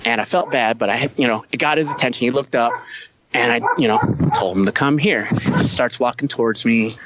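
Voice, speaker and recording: A man's voice: mid-range voice, fairly quick, highs cut off, noisy background. A man who is a Marine veteran, telling a war story as a podcast guest, blunt and heavy on profanity. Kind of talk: casual storytelling.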